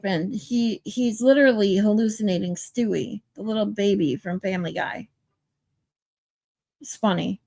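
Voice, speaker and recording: A woman's voice: mid-range voice, steady tone, measured pace, creaky, darkish tone, no echo. A sleep-deprived woman hosting a livestream, chatting loosely and reading viewer comments aloud. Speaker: livestream host. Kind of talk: casual chat with live viewers.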